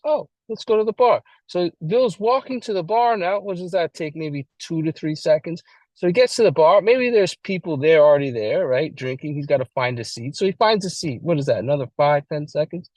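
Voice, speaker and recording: Guy leading a book study meeting, slangy and animated, acts stuff out, super dry sound. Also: fairly high pitch, no room sound, poor audio. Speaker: study group co-leader. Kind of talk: casual recovery-meeting share.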